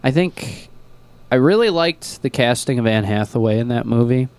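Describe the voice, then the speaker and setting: A man's voice: medium pitch, lively intonation, normal speed, darkish tone, smooth. A young man co-hosting a radio show, chatting casually in a rambling, joking way with lots of fillers. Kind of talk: casual chat.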